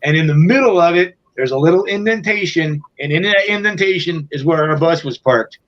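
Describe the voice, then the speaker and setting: A man's voice: fairly high pitch, a little fast, a bit bright, dull audio. A man guesting on an interview show, telling a profane, rambling tour story in a casual way, full of fillers. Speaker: guest musician.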